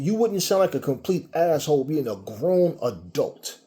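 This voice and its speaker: A man's voice: a little high, very animated, normal speed, mellow. A man delivering a heated, profane commentary monologue, repeating himself as he argues. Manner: angry, profane, repetitive.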